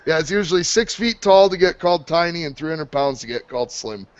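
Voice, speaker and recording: Co-host, male, somewhat high pitch, quick side comments, lo-fi sound. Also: lively intonation. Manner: short agreeing interjections. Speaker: podcast co-host. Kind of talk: casual chat.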